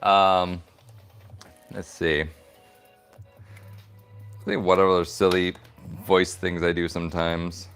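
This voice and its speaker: Playful guy w a lowish voice, slow easy talk, rambles and giggles while doing leatherwork. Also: little pitch movement, a bit bright, clear, resonant tone, faint music behind. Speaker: host of a crafting stream. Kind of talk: casual chat while crafting leather.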